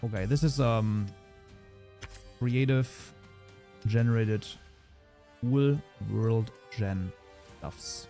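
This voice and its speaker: A man's voice: medium pitch, very slow, long pauses, mellow, faint music behind. A man with a German accent, originally from Germany, hosting a casual livestream tutorial. He chats as he works, reading viewer messages aloud and answering them. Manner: chatty, reads viewer chat aloud and answers it. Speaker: modding streamer.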